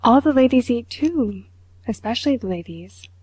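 A woman voicing an excitable male dinner guest who eagerly reels off lists. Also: on the high side, normal speed, slightly rough, dry recording, low-quality recording.

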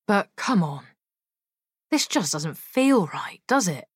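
A woman's voice: sing-song, slow, slightly rough, dry recording, studio quality, exaggerated voice. A woman doing an awkward grumbling young man. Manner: low grumbling under his breath.

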